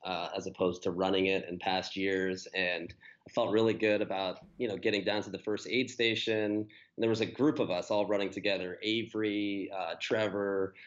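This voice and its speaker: A man's voice: low-pitched, level tone, normal speed, highs cut off. A man, a guest on a running podcast, telling his race story in a casual, rambling way with many fillers and restarts.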